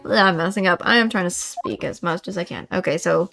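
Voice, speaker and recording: Brief: woman streamer, casual read-along, chatty asides, soft music. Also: fairly low pitch, moderate pace, gravelly, few pauses. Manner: reads game text aloud, chatty asides.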